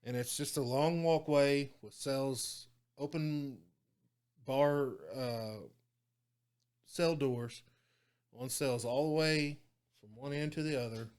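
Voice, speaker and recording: A former prison guard from Oklahoma, guesting on a podcast, tells stories in a slow, smooth, mid-range drawl. He's relaxed and profane, animatedly acting out the people he quotes, and his voice rises when things get heated in this casual storytelling interview.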